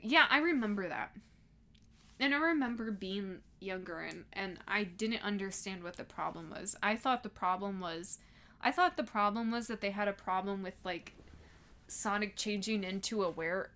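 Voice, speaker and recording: A woman's voice: medium pitch, fairly bright tone. A twenty-two-year-old woman ranting heatedly and casually as a livestreamer, swearing often and laughing between lines. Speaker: streamer reading chat.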